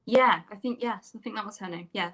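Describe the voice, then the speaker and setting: A woman's voice: medium pitch, fairly quick, a bit bright. An actress, a woman, chatting enthusiastically and at length as a guest in a video call interview.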